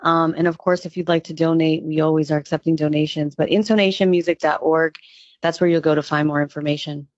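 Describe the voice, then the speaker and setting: Enthusiastic low-voiced woman, dull lo-fi sound. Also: fairly even intonation, fast, no echo. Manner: enthusiastic, with frequent "um" fillers. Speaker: executive director of a youth music nonprofit. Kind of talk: radio interview guest.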